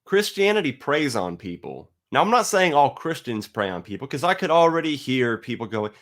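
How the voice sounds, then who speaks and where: A man giving a heated, profane monologue to his viewers, blunt and argumentative, sometimes reading a passage aloud slowly. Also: medium pitch, very animated, fairly bright tone. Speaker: atheist video host. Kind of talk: ranting monologue to camera.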